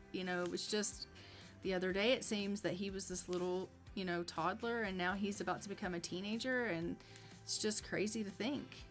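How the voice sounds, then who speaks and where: A woman's voice: mid-range voice, pushed and bright. A woman streamer narrating a life-simulation game casually, chatty with many fillers.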